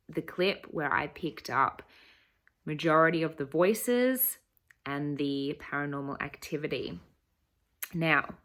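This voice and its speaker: Young woman vlogger, slightly low voice, unhurried and earnest, for a voice-over. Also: a bit bright. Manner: earnest, emphatic retelling. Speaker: travel vlogger. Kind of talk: vlog voice-over storytelling.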